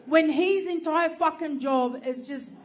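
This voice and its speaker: A woman telling a stand-up comedy story, swearing freely and breaking into loud, animated bursts. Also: high voice, measured pace. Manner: animated, profane, bursts into shouting.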